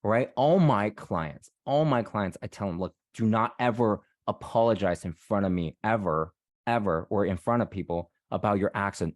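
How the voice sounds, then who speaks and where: Speaking at a normal speed in a lowish voice, a guest speaker from Canada gives a relaxed career-coaching talk, recorded in studio quality without any room sound. His delivery is chatty and repetitive, peppered with "right?" aimed at listeners.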